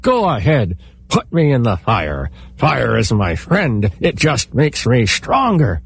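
A man's voice: expressive, normal speed, darkish tone, slight background noise. A man voicing a sly, pleading turtle. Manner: pleading, then wailing high. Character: sly cornered male turtle, pleading and cunning.

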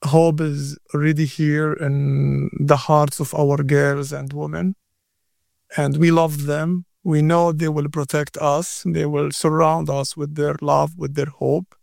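Slow, gravelly man. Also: on the high side, little pitch movement, a little mellow, no room sound, clean studio sound. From Gaza. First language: Arabic. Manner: halting, repeats words, earnest. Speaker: interview guest. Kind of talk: emotional interview answer.

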